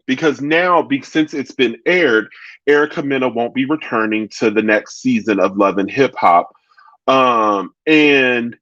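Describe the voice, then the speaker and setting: A man hosting a casual chat show, talking in an animated way and answering viewers' comments directly. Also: mid-range voice, no room sound, muffled recording. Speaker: talk show host.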